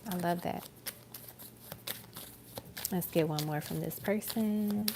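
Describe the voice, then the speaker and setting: Low, gravelly-voiced woman reading tarot. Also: slow pace, background noise. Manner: soft, musing, with many fillers. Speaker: tarot reader. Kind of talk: live-stream tarot reading.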